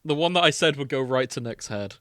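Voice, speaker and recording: A young man hosting a casual podcast chat, laughing often between quick asides. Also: mid-range voice, lively intonation, fairly bright tone, no echo, studio quality. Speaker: podcast host.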